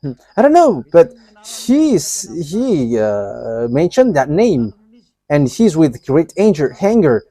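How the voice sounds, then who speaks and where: A man preaching a live sermon, halting, with many fillers and restarts and frequent chuckles. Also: fairly high pitch, big pitch swings, dark tone, no echo.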